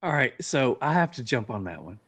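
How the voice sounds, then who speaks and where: A man's voice: medium pitch, sing-song, a little fast, fairly bright tone, husky. A man with an ordinary mid-range voice hosts a casual podcast chat. He asks the questions and tells his own stories in a plain, easygoing way. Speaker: podcast host.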